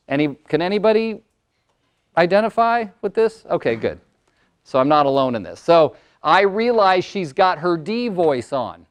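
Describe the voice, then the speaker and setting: Presenting a live workshop, this older Californian motivational speaker and coach talks loudly and quickly. He's energetic and wordy, with a smooth voice pitched fairly high.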